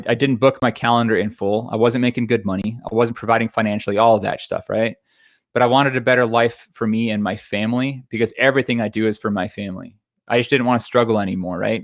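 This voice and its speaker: A man in his thirties, a photography business coach, giving a quick, conversational webinar talk with frequent fillers and restarts. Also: on the low side, no room sound, studio quality. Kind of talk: webinar presentation.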